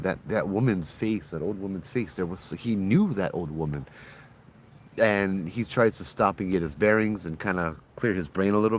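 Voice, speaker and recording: A low-voiced man tells a ghost story in a relaxed, conversational manner, slipping into the voices of the story's characters. The recording was made outdoors, with faint background noise.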